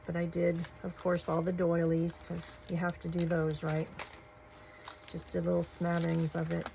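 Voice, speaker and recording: A woman, gushing softly as she shows off craft supplies in a casual vlog. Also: fairly low pitch, monotone, moderate pace, creaky, a little hiss or hum, poor audio. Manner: gushing, soft-spoken, folksy. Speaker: crafting channel host. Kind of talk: casual show-and-tell vlog.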